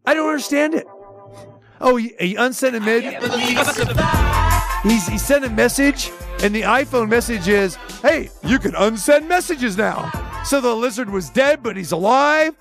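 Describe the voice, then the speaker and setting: A man's voice: extremely high pitch, animated, normal speed, pauses often, over music. A man hosting sports radio, ranting with sarcasm and exasperation, firing off rhetorical questions. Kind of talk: opinionated sports talk rant.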